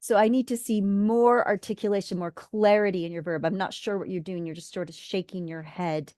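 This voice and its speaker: A woman's voice: mid-range voice, steady tone, fairly quick, darkish tone, no echo, studio quality. Direct woman acting coach. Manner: direct, instructive. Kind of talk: class feedback.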